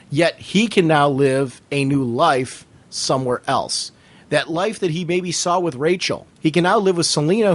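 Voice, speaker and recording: A man co-hosting a casual fan podcast, talking at length in an earnest, emphatic way. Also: a little high. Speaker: podcast co-host.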